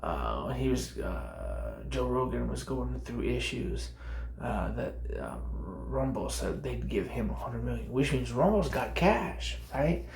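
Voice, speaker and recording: Gravelly rambling male vlogger. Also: mid-range voice, sing-song, slow pace, a little mellow, roomy sound, a little hiss or hum, poor audio. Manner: rambling, self-interrupting, drops to a near whisper at times. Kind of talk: casual commentary.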